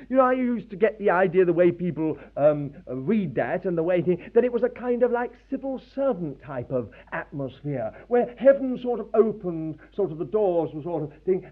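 A high-voiced man preaches with wide swings of pitch, emphatic and full of pauses. His voice is husky, and the old recording sounds thin and tinny, like a phone line. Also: very animated. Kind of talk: sermon.

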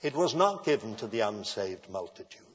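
A man's voice: lowish voice, sing-song, slightly rough. Man preaching in a reverberant hall. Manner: measured preaching, rising to emphatic declarations. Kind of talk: sermon. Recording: dull lo-fi sound with long hall reverb.

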